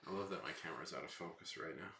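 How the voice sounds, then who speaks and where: A man's voice: a bass voice, racing, echoey room, background noise. A young man chatting casually and rambling while drawing on a stream. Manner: rambling, lots of fillers and trailing off.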